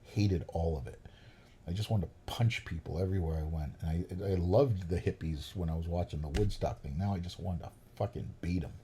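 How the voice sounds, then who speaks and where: A man's voice: sits low, fairly quick, mellow, a little hiss or hum. A man, a podcast guest telling stories in a profane, ranting way. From New York. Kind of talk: storytelling chat.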